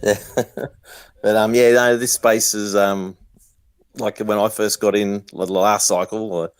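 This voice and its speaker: A man's voice: lowish voice, flat delivery, a little slow, clean tone, dry recording. A man with an Australian accent chatting casually as a caller, hesitant with many ums. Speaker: viewer calling in. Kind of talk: casual chat.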